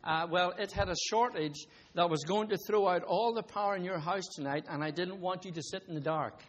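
A man voicing God as a patient, fatherly presence who calmly explains himself. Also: high-pitched, a little fast, dull audio. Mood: patiently explaining. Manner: calm, explaining, reassuring.

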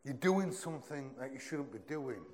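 A young man delivers a sermon in a chatty, earnest way. His voice sits at an ordinary mid-range pitch and often sinks low and soft when he presses a point home. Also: expressive, moderate pace, a crowd in the background. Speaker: preacher.

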